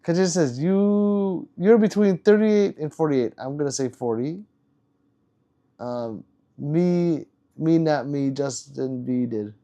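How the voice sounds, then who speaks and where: A man's voice: on the high side, takes it slowly, warm tone. A man livestreaming, reading out chat messages and teasing viewers in a loose, rambling, joking way.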